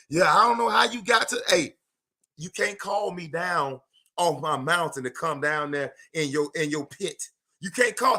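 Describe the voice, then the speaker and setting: A man giving a live motivational talk, emphatic and preachy, repeating his lines for effect and breaking into loud bursts of fervor. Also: sits high. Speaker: motivational speaker. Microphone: livestream microphone.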